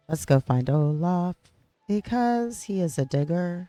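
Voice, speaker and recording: A man's voice: sits high, lively intonation, measured pace, dark tone, dry recording, soft background music. A man casually chatting and rambling while he plays a game on a livestream, often correcting himself mid-sentence. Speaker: streamer. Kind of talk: casual gameplay livestream chat.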